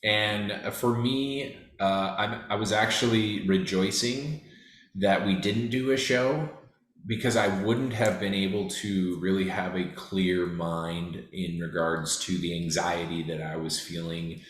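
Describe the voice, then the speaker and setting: Rambling man in his thirties, low voice. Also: fairly even intonation, a little slow, echoey room. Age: 30s. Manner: rambling, joking, lots of fillers. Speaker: podcast co-host. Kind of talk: casual chat.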